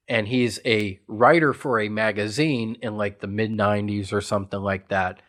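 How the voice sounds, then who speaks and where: A man from western Pennsylvania, a podcast co-host, eagerly recapping a film in a casual chat, rambling and leaning on lots of "like" fillers. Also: fairly low pitch. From Pittsburgh area, USA. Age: adult parent. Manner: enthusiastic rambling storyteller with many "like" fillers.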